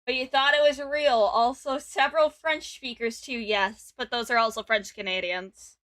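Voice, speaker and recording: A woman's voice: fairly high pitch, steady tone, moderate pace, a bit bright, dry recording. A woman in her twenties hosting a casual stream, giggling often and reading chat messages aloud. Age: 20s. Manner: giggly, talks over guest. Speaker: streamer host.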